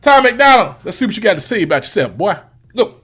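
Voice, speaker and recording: A man's voice: sits high, big pitch swings, fast, slightly rough, soft background music. A man with a Virginia accent giving loose, slangy reaction commentary, swearing freely. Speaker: reaction youtuber.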